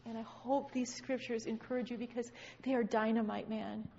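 A woman's voice: a little high, steady tone, moderate pace, gravelly, a little mellow, slight background noise. A woman sharing with her church congregation, talking fervently, repeating phrases and stammering. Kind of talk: impassioned spontaneous exhortation. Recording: dull, echoey hall recording.

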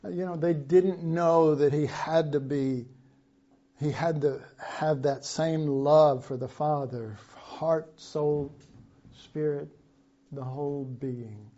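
Slow, mellow-voiced male preacher. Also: a little high, steady tone, highs cut off. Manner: slow, conversational preaching with Bible reading and asides. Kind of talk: sermon.

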